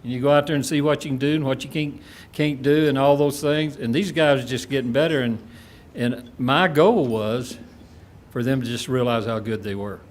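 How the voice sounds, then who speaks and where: A man's voice: mid-range voice, moderate pace, a little hiss or hum. A former coach, a man, answering in a dry, matter-of-fact way on a panel.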